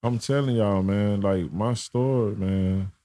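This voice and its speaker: A man's voice: on the low side, measured pace, dark tone, no echo. Rambling man telling a story. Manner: rambling, slangy, many fillers. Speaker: podcast guest. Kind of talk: casual storytelling.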